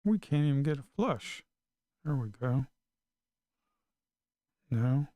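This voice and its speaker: A man's voice: mid-range voice, expressive, slow, warm tone, no room sound. A man live-streaming his futures trading, talking to himself in a casual, frustrated way and swearing under his breath.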